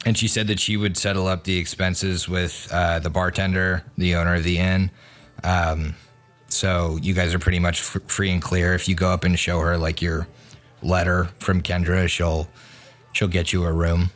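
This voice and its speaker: A man's voice: low voice, little pitch movement, moderate pace, a bit bright. Easygoing male game master, laughs a lot, light music bed. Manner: laughs often, loose and joking. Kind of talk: narrating a tabletop game podcast.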